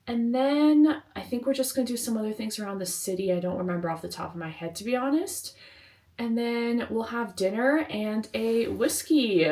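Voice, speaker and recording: A woman's voice: fairly high pitch, normal speed, a little mellow, dry recording, poor audio. A woman vlogging casually to camera, rambling with lots of fillers, out of breath as she hikes up a windy hillside. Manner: chatty, rambling, filler-heavy. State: out of breath while hiking. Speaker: travel vlogger. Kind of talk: casual vlog talk to camera. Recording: heavy wind noise on the mic.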